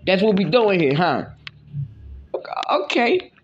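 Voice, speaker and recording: A man's voice: a little high, normal speed, darkish tone, dull audio, a little hiss or hum. A man hosting a casual solo podcast, rambling and slangy with lots of filler words, often teasing and mock-scolding. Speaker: podcast host.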